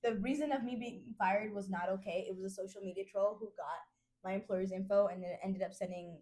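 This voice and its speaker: A woman's voice: medium pitch, fairly even intonation, brisk, dark tone. A young woman with AAVE speech talking bluntly and profanely as a podcast host, in casual chat.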